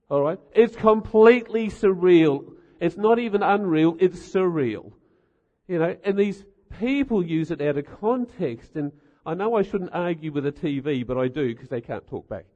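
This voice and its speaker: A middle-aged man preaches in a wry, animated storytelling way and throws in rhetorical asides. His voice sits a bit high for a man. The sound is dull and trails off into a long hall reverb. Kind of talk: humorous sermon storytelling.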